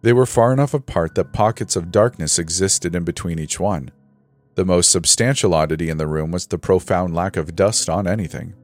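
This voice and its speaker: A man narrating a first-person scary story in a steady, measured, suspenseful way. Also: low-pitched, faint music behind.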